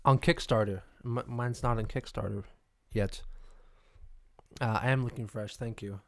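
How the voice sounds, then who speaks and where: A man's voice: mid-range voice, fairly even intonation, unhurried. A man hosting a casual live stream, rambling and stammering as he reacts to the chat. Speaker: livestream host.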